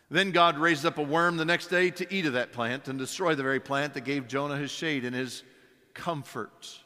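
A man's voice: medium pitch, sharp tone. A man preaching a sermon as pastor, emphatic, with many rhetorical questions and repeated words. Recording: long hall reverb.

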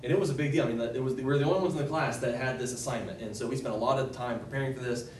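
A man's voice: medium pitch, very fast, slight background noise. Enthusiastic man teaching a Bible study. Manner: enthusiastic, voice rises when excited; loose and conversational, with restarts and asides.

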